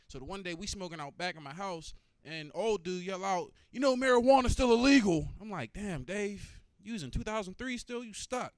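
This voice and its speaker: A man with a fairly high, smooth voice does a profane, loose stand-up set and chats with the crowd. The sound is close and dry, with no room sound.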